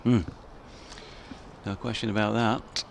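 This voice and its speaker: A man's voice: fairly low pitch, flat delivery, slow, vocal fry, slight background noise. A man with a Yorkshire accent co-commentating on a live cricket match, describing the technique of each ball. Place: commentary position at an outdoor cricket ground.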